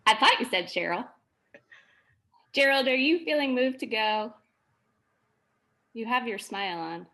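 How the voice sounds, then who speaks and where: A woman's voice: on the high side, expressive, measured pace, pauses often, bright, forceful tone. A woman sharing her reflections with a group in an earnest, thoughtful way. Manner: earnest, reflective, many fillers. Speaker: workshop participant.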